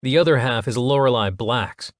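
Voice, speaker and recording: A man's voice: medium pitch, moderate pace, dry recording, clean studio sound, close to an everyday voice. Chase, a man voicing a bitter sarcastic young man. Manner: sarcastic, biting.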